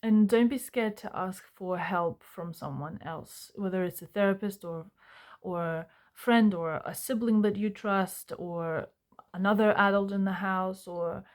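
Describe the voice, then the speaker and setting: A young woman, talking earnestly and haltingly to camera about healing, with many fillers and restarts. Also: medium pitch, a little mellow. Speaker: self-help vlogger. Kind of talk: reflective personal talk to camera.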